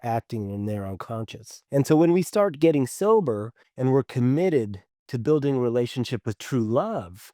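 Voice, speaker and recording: A man's voice: medium pitch, warm tone, dry recording, clean studio sound. A man co-hosting a podcast, an earnest storyteller who swears casually and laughs often. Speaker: podcast co-host.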